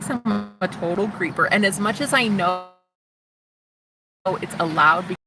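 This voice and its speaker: Speaking a little slowly in a mid-range voice, this young vlogger sits in a parked car and rambles through a confessional video. She's teary yet chatty, occasionally dropping to a whisper, and the recording is noisy with traffic in the background.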